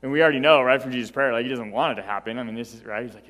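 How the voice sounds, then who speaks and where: A man preaching a sermon as pastor, emphatic and animated, who keeps checking in with the congregation by asking "right?". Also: medium pitch, fast, in a large hall. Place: church sanctuary.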